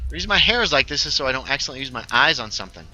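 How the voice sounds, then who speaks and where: A man's voice: mid-range voice, big pitch swings, rapid-fire, pushed and bright, poor audio. A man reading a wry young witch.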